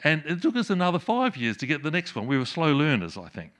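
A middle-aged man preaching a sermon, swinging from loud emphatic peaks to soft hushed endings. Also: on the high side, huge pitch swings, fast. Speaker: pastor.

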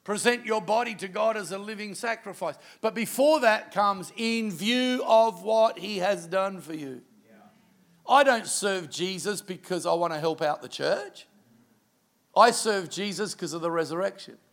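A middle-aged Australian man preaching a sermon as pastor, telling a personal story in an animated way with quiet asides. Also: high-pitched, a little slow.

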